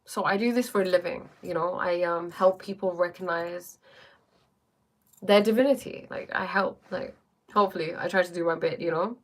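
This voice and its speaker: A woman life coach in casual livestream chat, talking fast and thinking aloud as she answers viewers. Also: lowish voice.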